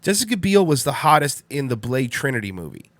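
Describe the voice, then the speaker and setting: A man's voice: medium pitch, very animated, a little fast, fairly bright tone, dry recording. Rambling, blunt male stream host. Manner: rambling, repeats himself, blunt and swears. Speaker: livestream radio host. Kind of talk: casual solo stream chat.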